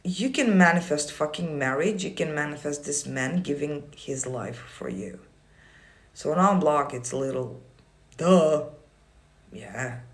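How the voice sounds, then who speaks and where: Blunt, profane livestream coach. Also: mid-range voice. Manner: reads audience comments aloud and answers them. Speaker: manifestation coach. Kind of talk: casual livestream Q&A.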